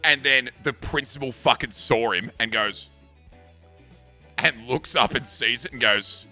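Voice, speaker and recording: A man's voice: medium pitch, a little slow, sharp tone, faint music behind. A young Australian man casually telling a rambling, sweary school story, full of bro and dude. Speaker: streamer.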